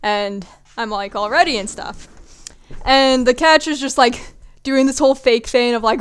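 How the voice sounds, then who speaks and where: Chatty young woman with a smooth voice. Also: on the high side, moderate pace. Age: young adult. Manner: chatty, swears casually, acts out quotes. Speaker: vlogger. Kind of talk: casual storytelling.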